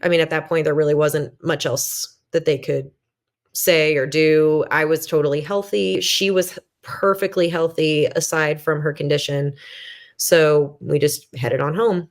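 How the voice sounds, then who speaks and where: Guest, woman, 30s, low voice, candid and self-mocking storyteller, chatty with fillers. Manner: candid, self-deprecating, many fillers and restarts; acts out her own past thoughts in quoted voice. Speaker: podcast guest. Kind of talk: conversational storytelling.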